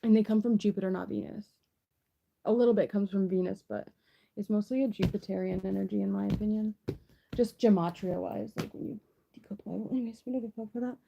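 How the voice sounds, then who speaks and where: Rambling young woman, mellow low-key tone. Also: fairly even intonation, a little fast, vocal fry, lo-fi sound, slight background noise. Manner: rambling, full of "like" and restarts. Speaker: tarot reader. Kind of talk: casual tarot reading to camera.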